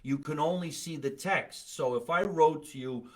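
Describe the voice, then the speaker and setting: A man's voice: on the high side, a little slow, hardly any pauses. A man hosting a comedy podcast, talking in a blunt, profane, rambling way in casual chat. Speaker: podcast host.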